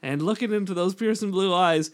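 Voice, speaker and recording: Teasing male podcast co-host, slightly high voice. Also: a little fast. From Canada. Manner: dry, teasing quips. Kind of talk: casual chat.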